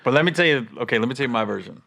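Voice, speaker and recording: Bright-voiced man telling stories. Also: medium pitch, racing, vocal fry. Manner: animated storyteller, acts out quotes. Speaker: comedian podcast host. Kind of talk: casual chat.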